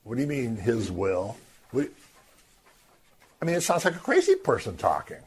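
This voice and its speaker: Guy teaching bible stuff, husky voice, swings his pitch all over. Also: normal speed. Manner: animated, acts out voices of the crowd. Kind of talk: scripture teaching.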